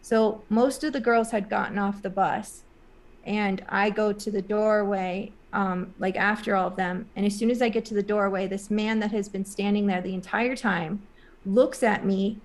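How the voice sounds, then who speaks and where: A woman speaks as a guest in an interview, retelling a personal experience in a loose, rambling way. Her voice sits at a middle pitch, and her speech is full of "like" and "um" as she talks earnestly and emotionally. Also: steady tone, moderate pace, a little mellow. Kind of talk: casual spoken storytelling.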